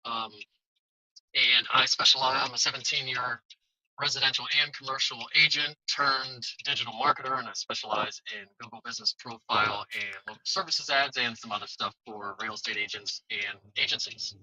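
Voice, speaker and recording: A man's voice: medium pitch, fairly even intonation, brisk, a crowd in the background, rough recording. A man from central Pennsylvania introducing himself as a real estate agent turned digital marketer, in an upbeat, plainspoken way. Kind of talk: casual self-introduction.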